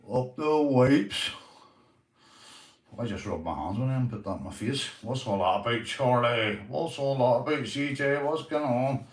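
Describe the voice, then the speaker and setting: A Northern Irish man with a mid-range voice hosts a casual livestream, chatting with viewers and telling sweary stories. The room sounds echoey and the mic distant.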